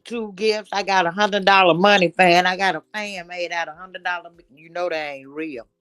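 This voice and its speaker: A woman's voice: lowish voice, fairly even intonation, moderate pace, a bit bright, clear, resonant tone, no echo. Blunt, gossipy woman host. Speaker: show host. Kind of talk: casual gossip chat.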